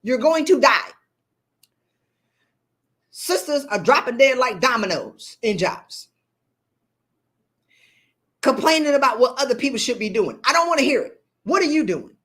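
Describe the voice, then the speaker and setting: A woman lectures her live-stream viewers in a blunt, preachy way. Her voice sits fairly high, and she keeps calling out to them as y'all. She talks with animated energy. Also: measured pace, long pauses. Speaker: leadership coach. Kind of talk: live-stream motivational talk.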